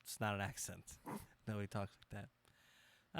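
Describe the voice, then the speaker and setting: A man co-hosting a casual podcast chat, animated and profane as he riffs. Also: lowish voice, normal speed, gravelly, long pauses, no echo. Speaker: podcast co-host.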